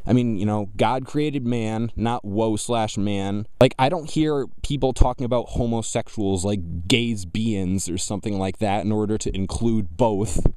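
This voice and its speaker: A man's voice: on the low side, unhurried, hardly any pauses, darkish tone, clean tone, dry recording, clean studio sound. A man giving mocking, argumentative reaction commentary on video clips. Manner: scornful, argumentative.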